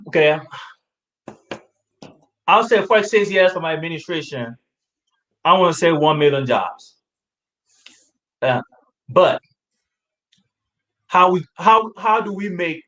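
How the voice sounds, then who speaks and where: A man running for president answering interview questions in a halting way, with many pauses and fillers. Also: on the high side, a bit bright, highs cut off. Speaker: presidential candidate.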